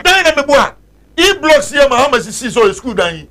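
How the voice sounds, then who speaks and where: A man's voice: extremely high pitch, sing-song, fast talker, sharp tone. A Ghanaian man ranting heatedly on a talk show, switching between Twi and English.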